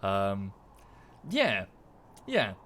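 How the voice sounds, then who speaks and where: A man's voice: lowish voice, wildly swooping pitch, drawn-out words, fairly bright tone, slight background noise. A man chatting casually to viewers during a livestream, rambling and thanking them as he goes.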